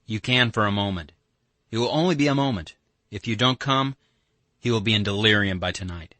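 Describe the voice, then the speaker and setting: An earnest young man, played by a male reader in a classic audiobook, pressing his plea with merciless emphasis. The voice sits on the low side. It is recorded close and dry, with no room sound. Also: a little fast, pushed and bright, no room sound. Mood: insistent. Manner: emphatic, pleading.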